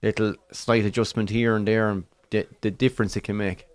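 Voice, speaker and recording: A man's voice: lowish voice, flat delivery, brisk, no echo. An Irish man co-hosting a football watchalong, reacting to the match in casual chat. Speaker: watchalong co-host.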